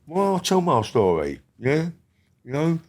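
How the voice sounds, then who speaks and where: A middle-aged man, a guest in a casual podcast interview, talking bluntly with lots of swearing and often dropping to a quiet murmur. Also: huge pitch swings, unhurried. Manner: blunt and heavy on swearing, drops to a low murmur.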